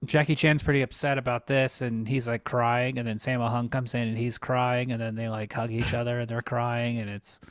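A man's voice: medium pitch, flat delivery, normal speed, hardly any pauses, clean tone, no room sound. A man co-hosting a podcast, casually recapping a film's plot in long rambling runs. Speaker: podcast co-host. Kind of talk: casual movie recap chat.

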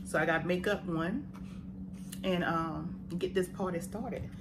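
A woman's voice: fairly low pitch, a little slow. A woman hosting her own cooking and mukbang vlog. She talks in an upbeat, chatty way and often says "oh yeah". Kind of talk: casual vlog chat. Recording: noticeable background noise.

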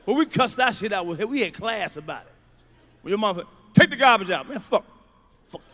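A man performs stand-up comedy with a strikingly high, bright voice. He tells profane stories in an animated way, breaking into acted-out shouts. The delivery is loud and forceful. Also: moderate pace.

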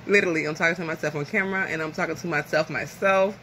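A woman from the American South talks to her phone camera while eating lunch at home. Her voice is bright and forward, and she rambles from one thought to the next. Faint room noise sits behind her. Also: low voice, fairly even intonation, racing. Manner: chatty, rambling, nervous laughter. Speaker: vlogger. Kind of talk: casual chat to camera.

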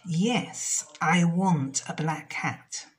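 A woman voicing a cross, greedy witch in a storybook reading. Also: very slow. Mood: demanding. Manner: shrill and demanding.

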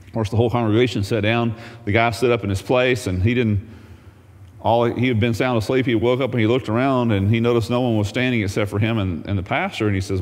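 A man's voice: lowish voice, steady tone, quick pace, long reverb tail. A man teaching a Bible lesson as a pastor, folksy and humorous, reading scripture aloud.

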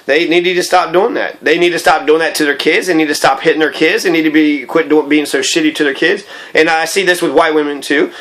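A man's voice: on the high side, steady tone, fairly quick, hardly any pauses, fairly bright tone. A man in an angry, profane, rambling personal monologue.

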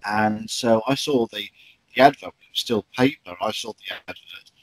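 A man's voice: on the low side, normal speed, dry recording, low-quality recording. A man, a stage actor recalling stories in an interview, chatty with many ums and restarts. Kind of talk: interview anecdotes.

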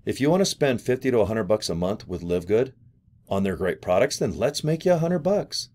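A man vlogging a loose, chummy sales pitch, talking straight to viewers about joining as an affiliate. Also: sing-song, brisk, darkish tone. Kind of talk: casual pitch to camera.

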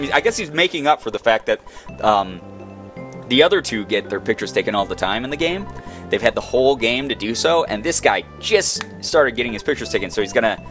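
A man's voice: medium pitch, a bit bright. Goofy man joking through a game. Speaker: let's play gamer. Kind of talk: casual game commentary.

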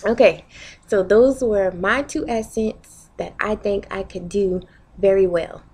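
Slow, creaky-voiced chatty woman vlogger. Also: mid-range voice, a little mellow. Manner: chatty, upbeat, keeps asking viewers "okay?". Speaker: vlogger host. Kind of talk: casual chat to camera.

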